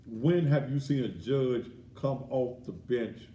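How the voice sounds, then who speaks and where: A man's voice: medium pitch, slow pace, dark tone. A man hosting a commentary show and ranting in a blunt, crude, indignant manner. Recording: echoey room, voice off-mic.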